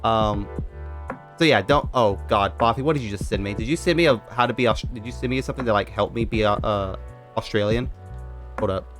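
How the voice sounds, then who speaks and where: A man's voice: on the low side, brisk, a bit bright, soft background music. A young man streaming, rambling casually and talking straight to his chat.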